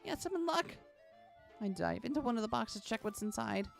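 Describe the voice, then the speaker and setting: A woman streamer reading game text aloud in an expressive, dramatic way, with sudden high exclamations. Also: normal speed, gravelly, soft background music.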